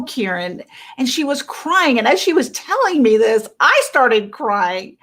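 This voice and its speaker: A woman's voice: fairly high pitch, big pitch swings, a little slow, fairly bright tone. A middle-aged woman health coach talking to viewers on a live stream, emphatic and persuasive, often tagging her points with "right?".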